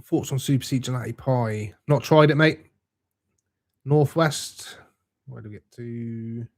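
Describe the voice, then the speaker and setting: A man's voice: medium pitch, unhurried. A young man hosting a live stream, chatting casually and reading out viewer comments in a laid-back, matey way.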